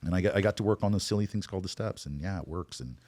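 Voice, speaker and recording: A man as a podcast guest, telling his recovery story in a candid, self-deprecating, animated way. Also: low voice, rapid-fire.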